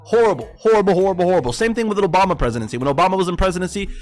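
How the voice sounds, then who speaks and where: Heated, profane man ranting, high voice. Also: expressive, racing, faint music behind. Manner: heated, profane, addresses viewers as boys. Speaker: livestream host and forex trader. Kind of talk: casual livestream political rant.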